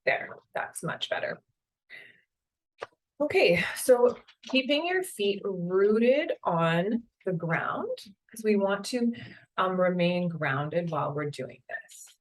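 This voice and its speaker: A woman yoga teacher leading a guided meditation in a slow, calm, soothing way. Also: lowish voice, poor audio. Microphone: camera mic, seated on a chair.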